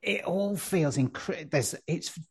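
A man's voice: a little high, slow, breathy edge. A man co-hosting a casual comics podcast, chatty and rambling, often ending with tag questions. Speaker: podcast co-host. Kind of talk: casual chat about comics.

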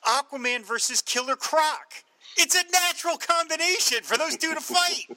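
A very bright, lively man talking with a podcast panel, his voice swinging up and down as he gushes. The sound is close and dry with no room around it. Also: very high voice, normal speed, no room sound. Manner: enthusiastic, gushing. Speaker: podcast co-host. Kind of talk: casual panel chat.

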